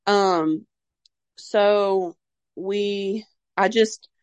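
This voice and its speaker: In a dry recording, a young woman relates her birth story with drawn-out words and a slightly mellow, steady, medium-pitched voice. Her telling is casual and rambling, heavy on "like" and fillers, and openly emotional and religious.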